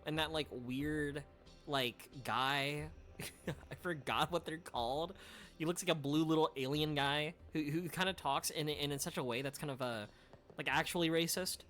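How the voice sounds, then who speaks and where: This game streamer has a medium-pitched, fairly bright voice and talks at a normal speed over soft background music. He chats casually while playing and reading game dialogue, rambling with stammered restarts, crude slang and frequent laughter.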